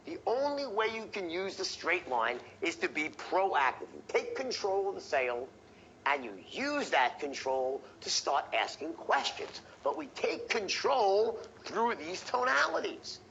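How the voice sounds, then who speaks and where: A man teaching a sales training session, animated and profane, acting out the tones of voice he teaches. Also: high voice, unhurried, gravelly, lo-fi sound, a little hiss or hum.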